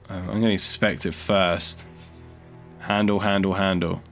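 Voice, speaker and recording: A man's voice: deep voice, flat delivery, unhurried, a bit bright, faint music behind. A man giving casual gameplay commentary as a let's play host, chatty and thinking aloud as he explores, easily startled.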